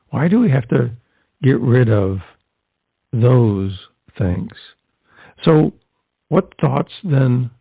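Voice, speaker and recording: A man's voice: mid-range voice, creaky, husky, dry recording. A man presenting as a Catholic evangelist, giving fervent podcast commentary full of rhetorical questions. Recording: tinny phone-like line, dry.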